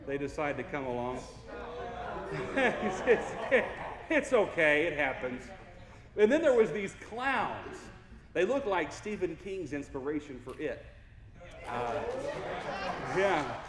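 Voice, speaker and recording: Taking his time with long pauses, a young man with a slightly high voice and big pitch swings delivers a goofy, playful motivational keynote, joking and getting the large crowd to participate. The recording is echoey, from far off in a hall.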